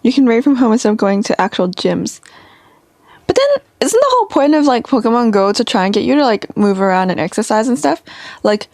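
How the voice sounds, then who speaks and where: A woman's voice: fairly high pitch, big pitch swings, brisk, a little mellow, dry recording. A young adult woman streaming from home, chatting casually and rambling with lots of fillers. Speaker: live streamer. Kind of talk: casual live-stream chat.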